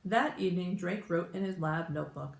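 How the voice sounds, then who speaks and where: A woman teacher reading a children's storybook aloud with animated, expressive narration. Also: on the low side, a little fast, gravelly. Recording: roomy echo.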